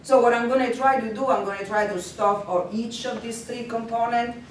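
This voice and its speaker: A woman's voice: fairly high pitch, moderate pace. Give me a woman teacher giving a workshop talk, with lots of ums and laughs, recorded from far off in a very echoey hall. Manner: lively, often laughing, frequent hesitations. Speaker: language instructor presenting at a teaching workshop. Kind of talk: workshop presentation. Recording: very echoey, distant, faint noise.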